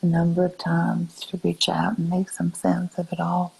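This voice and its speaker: An older woman chatting on a live stream, answering viewers in a soft, musing, often half-whispered way. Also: fairly low pitch, monotone, moderate pace, vocal fry, husky, poor audio.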